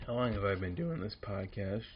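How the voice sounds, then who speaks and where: A drunk man in his twenties hosts his own podcast solo, ranting casually, rambling, cursing, and repeating himself. His voice is on the low side, expressive, and a little quick, on a dull lo-fi recording with slight background noise.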